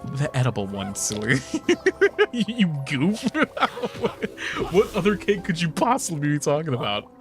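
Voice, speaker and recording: Young male streamer, late twenties, loose and jokey, animated ups and downs, soft game music underneath. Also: fairly high pitch, measured pace. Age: 20s. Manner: playful, joking, laughs often, swears casually. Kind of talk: casual gaming stream chat.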